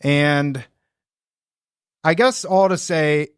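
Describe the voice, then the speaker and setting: A man's voice: on the high side, very slow, clean tone, dry recording, clean studio sound. A man around forty hosting a podcast, speaking earnestly and loosely. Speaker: podcast host. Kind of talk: podcast interview.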